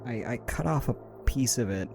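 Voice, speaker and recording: A man's voice: mid-range voice, expressive, normal speed, gravelly, music in the background. A man voicing an inexperienced, nervous male psychiatrist who speaks hesitantly and stammers. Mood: uneasy.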